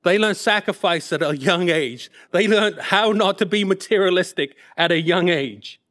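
A man in his fifties from England gives a sermon-style testimony of his missionary years. His voice sits high for a man. He tells it in a self-deprecating, rambling way, full of asides. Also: normal speed, fairly bright tone. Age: 50s. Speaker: missionary speaker.

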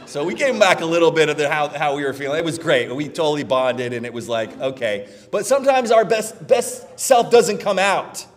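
A middle-aged man preaching a sermon as pastor, conversational and animated, often checking in with "right?". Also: a little high, a little fast, hardly any pauses, big-room sound.

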